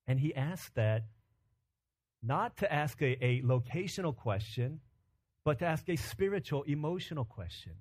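A man preaching a sermon with animated delivery, acting out voices in quotes. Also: mid-range voice, moderate pace, husky. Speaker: pastor.

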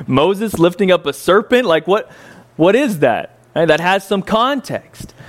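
A man teaching a Bible story in a casual, conversational way, full of rhetorical questions and fillers, swinging from incredulous highs to quiet reflection.

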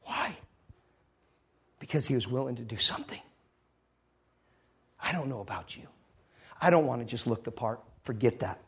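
A man delivers a sermon to a congregation in a slightly husky voice. He tells a story, then swings from loud, driving lines to hushed, intimate ones, and laughs along with the room. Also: medium pitch, lively intonation, moderate pace, long pauses. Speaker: preacher.

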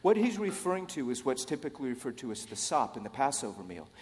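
A man's voice: mid-range voice, big pitch swings, quick pace, a little mellow. A man preaching a sermon in a casual, conversational way, with joking asides to the congregation. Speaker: pastor. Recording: long hall reverb.

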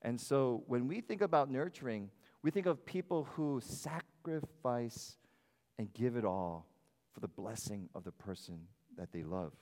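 A man preaching a sermon as pastor, animated and shifting his loudness, often acting out the voices of others. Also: mid-range voice, a little slow, in a large hall. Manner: animated, varies loudness, acts out quoted voices. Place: church sanctuary.

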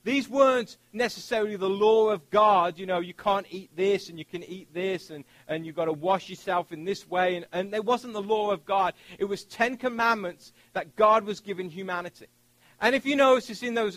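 Man, pastor, high voice, sermon, dry sound, storytelling. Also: normal speed, a bit bright, no room sound, low-quality recording. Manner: storytelling, joking with the congregation.

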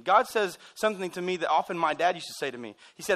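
A man preaching a sermon in a church. He is excitable and wired, and he throws in joking asides. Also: sits high, fast talker, hardly any pauses. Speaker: pastor.

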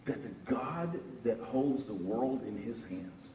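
A man preaching a sermon, telling a Bible story with animated rises and restarts. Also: mid-range voice, slow pace, slight background noise. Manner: animated storytelling, repeats words while searching. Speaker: pastor. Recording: echoey room from far off.

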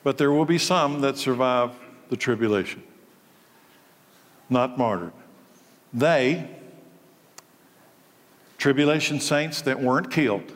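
A male pastor preaching a sermon, emphatic and full of rhetorical questions. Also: medium pitch. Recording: long reverb of a large hall.

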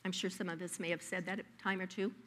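A woman preaching a sermon, telling personal stories in a lively, emphatic way. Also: lowish voice, quick pace.

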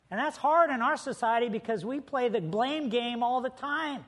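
A man's voice: very high-pitched, moderate pace. A man preaching a sermon as pastor, telling stories with humor and building to emphatic points. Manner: lively storytelling preacher with humor.

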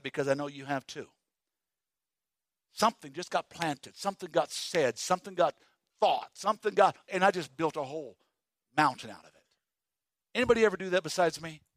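A man preaching a sermon as pastor, animated and folksy, swinging from loud emphasis to hushed asides and telling homespun stories. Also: high-pitched, no echo, clean studio sound. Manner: folksy storytelling with humor.

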